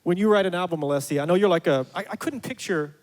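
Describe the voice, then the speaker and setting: A man with a somewhat high voice hosts a casual interview on a theater stage. He jokes around and trips over his words, repeating himself as he frames questions. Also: fast. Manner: joking, stumbling, repeats words. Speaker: radio host.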